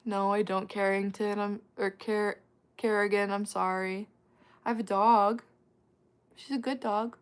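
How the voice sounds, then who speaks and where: Slow-talking casual woman streamer. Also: medium pitch, little pitch movement, smooth. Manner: chatty, laughs often, quick asides. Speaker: livestream host answering chat. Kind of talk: casual livestream chat.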